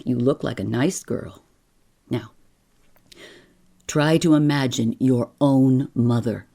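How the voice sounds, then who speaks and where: A woman voicing a calm, earnest middle-aged father who reasons patiently in a spoken story. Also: rumbling low, slow, vocal fry, full character voice. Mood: earnestly reasoning.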